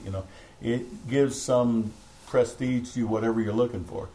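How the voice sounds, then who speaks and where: In a home meeting room, a middle-aged pastor delivers a fervent, meandering sermon to a small congregation, laughing now and then. His medium-pitched, mellow voice has lively intonation and a normal speed, though the recording is rough.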